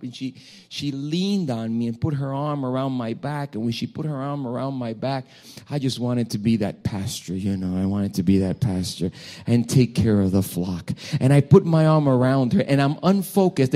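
A male pastor delivers a sermon by telling a personal story. His delivery is animated, with frequent restarts and repeated phrases. His voice sits at an ordinary middle pitch for a man. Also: moderate pace.

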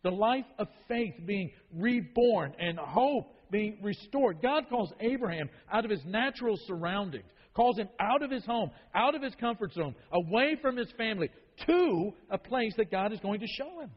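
The dull, lo-fi recording carries long hall reverb as a man teaches a Bible study in the manner of a sermon. His voice is high-pitched and expressive at a normal speed with few pauses, and he emphatically repeats key phrases for weight.

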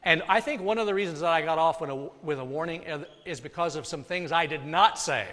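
Male pastor, slightly high voice, preaching with soft dips and loud peaks in a reverberant sanctuary. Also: fairly quick, few pauses. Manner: dynamic preaching, drops soft then rises loud. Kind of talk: sermon. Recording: long hall reverb.

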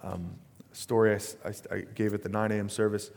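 A man's voice: on the low side, flat delivery, fairly quick, creaky, darkish tone. Casual, chatty man preaching a sermon. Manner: conversational storytelling with frequent fillers and asides. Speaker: pastor.

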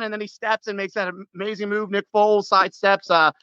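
A man telling a sports story in casual chat, excitable and full of restarts, acting out his own shouts. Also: high-pitched, fairly quick, hardly any pauses, clear, resonant tone, no room sound, lo-fi sound. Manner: many restarts and repeated words.

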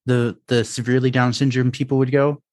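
A man hosting a podcast, talking in a hesitant, halting way with many pauses and restarts. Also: medium pitch, little pitch movement, a little mellow, dry recording. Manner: hesitant, many fillers and restarts, self-described introvert. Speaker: podcast host. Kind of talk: casual podcast conversation.

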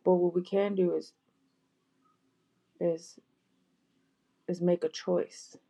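A woman talks softly and directly to her viewers, offering heartfelt apologies and comfort. Her low voice has a gravelly, husky texture, and she often restarts and repeats her phrases. The tone stays dark and mellow throughout. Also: level tone, slow pace, highs cut off. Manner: gentle, soft-spoken, repetitive, with frequent restarts. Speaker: vlogger.

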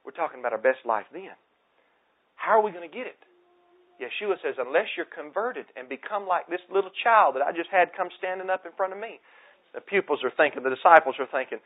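A man's voice: on the high side, lively intonation, fast. Man preaching over a tinny line. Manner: preaching with rising, impassioned intensity. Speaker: pastor. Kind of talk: sermon. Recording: tinny phone-like sermon recording.

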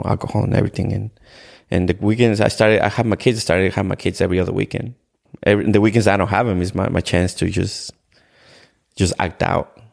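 A middle-aged man from Ecuador, a podcast guest telling his personal story in a halting way, repeating words and acting out remembered exchanges. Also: low-pitched, gravelly, darkish tone. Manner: halting, repeats words, retells scenes in quoted dialogue. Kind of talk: personal testimony in a conversation.

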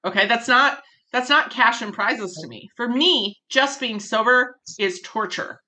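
A woman hosting a podcast in casual chat, candid and animated, swearing freely and laughing often. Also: a little high, measured pace, few pauses. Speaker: podcast host.

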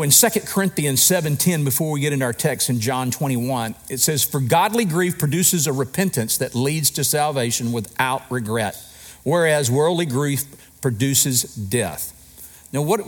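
Lively conversational preacher man. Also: fairly high pitch. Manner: conversational, asks rhetorical questions, lively emphasis. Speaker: pastor. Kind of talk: sermon.

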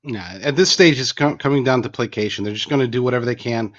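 A man gives remote interview answers in an emphatic, folksy style, often restarting his sentences. His pitch is mid-range for a man. The sound is muffled and dry, like a remote call. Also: fast talker, no echo. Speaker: guest commentator.

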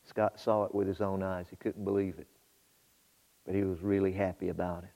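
A man preaching a sermon, shifting between quiet storytelling and loud, fervent exhortation to his congregation. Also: deep voice, flat delivery, fairly quick, vocal fry. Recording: muffled hall with long reverb.

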